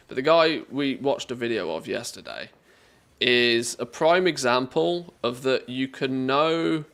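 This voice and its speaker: A man's voice: mid-range voice, fairly bright tone. A man streaming live, talking casually and rambling, restarting his thoughts mid-sentence.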